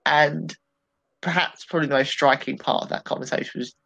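A man with an animated, rambling delivery, giving his take on a political debate in a casual podcast discussion. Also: a little high, brisk, vocal fry, slightly rough, muffled recording. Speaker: political commentator.

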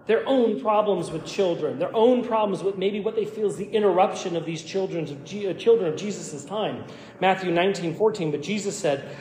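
High-voiced pastor preaching in echoey hall. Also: male voice, a little mellow. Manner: emphatic, repeats words when starting phrases. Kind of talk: sermon. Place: church sanctuary.

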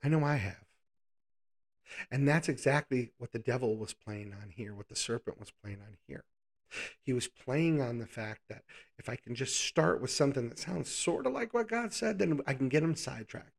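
A man's voice: medium pitch, normal speed. A man preaching a casual, conversational Bible lesson, asking the listeners rhetorical questions and adding playful asides.

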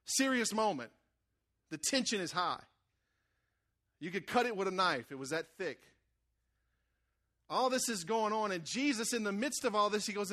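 A man delivers a sermon in an easy, conversational style. His voice sits high and bright, and he keeps calling out to the congregation for a response. He acts out the people in his stories as he goes. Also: animated, normal speed, pauses often. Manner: conversational, call-and-response preaching with acted-out quotes. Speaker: preacher.

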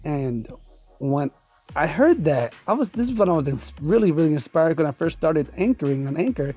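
A man's voice: fairly high pitch, sing-song, moderate pace, mellow. A man hosting his own podcast, telling a story in a rambling, casual way with frequent laughs and swearing. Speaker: podcast host.

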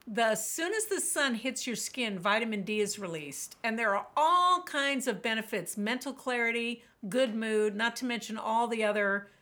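A woman with a bright, clear voice and a fairly high pitch talks as a podcast guest. She tells her stories with animation and acts out her own past thoughts. Her delivery is expressive and lively. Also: moderate pace, hardly any pauses. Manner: animated storyteller, quotes herself vividly. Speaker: guest, burnout author. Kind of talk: podcast interview, storytelling.

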